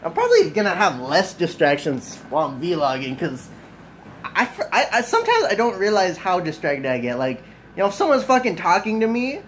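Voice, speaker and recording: A man's voice: sits high, wildly swooping pitch, a little fast, fairly bright tone, slight background noise, low-quality recording. A man rambling through a casual vlog at home right after waking up. He swears freely, keeps sidetracking himself and leans on "like" and "you know". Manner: rambling, loose and profane, full of "like" and "you know"; self-mocking and easily sidetracked. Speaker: vlogger. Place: at home at his desk, just woken up. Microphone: camera mic off to the side.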